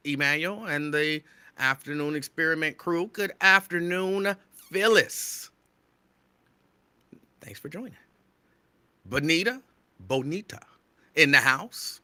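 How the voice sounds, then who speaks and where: Radio host, male, excitable near-yelling delivery, very bright voice, dry close mic. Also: a little high, no echo. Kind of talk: live show shout-outs to listeners.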